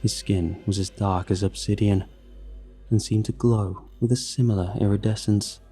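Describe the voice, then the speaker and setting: Deep-voiced man narrating horror. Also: fairly even intonation, moderate pace, dark tone, breathy edge, soft background music.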